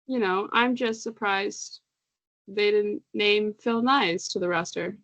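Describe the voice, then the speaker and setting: Speaking slowly in a medium-pitched, fairly bright voice, this podcast co-host keeps the casual chat going with frequent laughter. When reading names aloud, she tends to trip over them.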